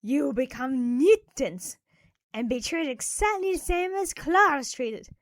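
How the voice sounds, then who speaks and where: A woman voicing a stern masked kidnapper man in an animated story, giving firm, threatening ultimatums. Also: high-pitched, measured pace.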